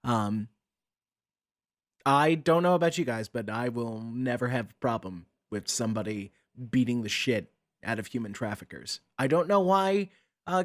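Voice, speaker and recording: A man hosting a commentary channel, ranting with exasperated sarcasm and often repeating words as he starts a sentence. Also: medium pitch.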